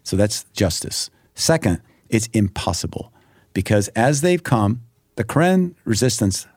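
A man's voice: lowish voice, big pitch swings, a little slow, a little mellow, no echo, clean studio sound. A man as an interview guest, telling a story vividly and emphatically, acting out the prayers he quotes.

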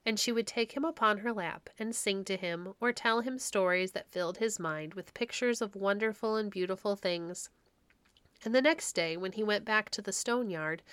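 Smooth-voiced woman reading stories aloud. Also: mid-range voice, a bit bright, no echo. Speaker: storytelling podcast host. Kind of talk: storybook read-aloud narration.

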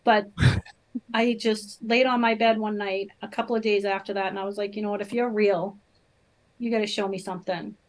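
A woman's voice: medium pitch, fairly even intonation, moderate pace, poor audio. Woman, middle-aged, personal testimony, earnest, chatty fillers. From Boston area. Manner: earnest, storytelling, frequent fillers. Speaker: podcast guest. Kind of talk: personal testimony in casual interview.

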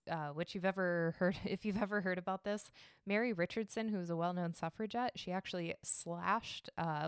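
A woman's voice: lowish voice, smooth, no room sound, clean studio sound. A young woman hosting an art and history podcast from her home, chatting casually, laughing at herself and swearing freely. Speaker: podcast host. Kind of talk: casual chat. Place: home decorated for holidays.

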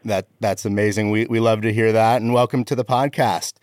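A man's voice: lowish voice, fairly even intonation, brisk, a little mellow, no echo, studio quality. A man hosting a podcast, welcoming a guest with a self-deprecating manner. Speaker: podcast host. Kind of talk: casual podcast chat.

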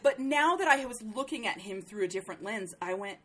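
A middle-aged woman telling a story in easy, casual chat. She swears freely and keeps it animated, acting out the quoted lines by lifting her voice well above her middle-range talking pitch. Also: brisk, few pauses, slightly rough. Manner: animated, profane, acts out quotes in a higher voice.

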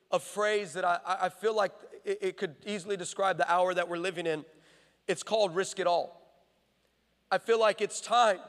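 A preacher man delivers a sermon full of animated, playful stories, often cutting himself off and starting again. His voice sits high for a man. A long reverb fills the large armory hall around him. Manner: animated, playful storytelling with frequent self-interruptions. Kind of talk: sermon with comic storytelling.

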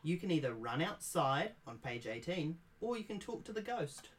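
A man's voice: on the high side, moderate pace. Man reading a spooky gamebook aloud. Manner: animated storyteller, playful. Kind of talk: casual reading and chat.

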